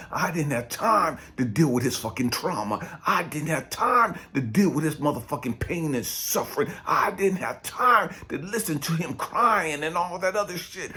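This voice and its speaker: A man, a spiritual life coach, giving an impassioned, profane monologue that swings from loud to hushed whispers. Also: a little high.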